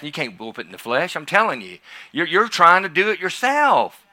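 Speaking with a fairly high pitch and a brisk delivery, a man who pastors a church tells his personal testimony in a sermon. He alternates between soft asides and loud, energetic emphasis.

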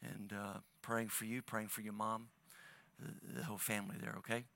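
A man preaching a sermon as pastor, talking to his congregation in a casual, halting way, with many restarts. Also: on the low side, level tone, creaky, bright, forceful tone.

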